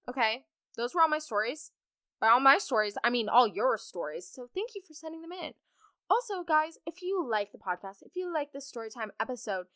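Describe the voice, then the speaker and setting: A young woman host chats through listener stories, bubbly and giggly, with plenty of likes and ums. Her voice is bright and a little high, swooping up and down. It is recorded close in a dry, dead room. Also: smooth, no echo. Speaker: podcast host. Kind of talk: casual storytime chat.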